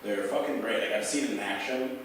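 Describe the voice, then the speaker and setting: At a bar open mic, a young stand-up comic tells a rambling, profane story crammed with fillers. His voice is on the low side, brisk and a bit bright, and the recording picks up the echoey bar room from far off, with a little hiss or hum.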